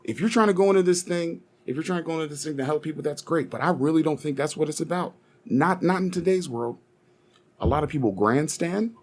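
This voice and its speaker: A man's voice: a little high, quick pace, a little mellow. A man co-hosting a podcast, talking bluntly and swearing a lot in casual chat. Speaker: podcast co-host.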